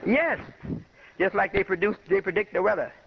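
High-voiced older imam on muffled radio. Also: male voice, animated, moderate pace, gravelly, slightly rough. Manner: rambling, conversational, with personal anecdotes. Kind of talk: informal spoken lecture.

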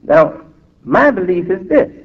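Man, imam, sermon, emphatic drawn-out delivery, phone-like tinny sound, long hall reverb. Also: high-pitched, big pitch swings. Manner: emphatic, drawn-out preaching with asides.

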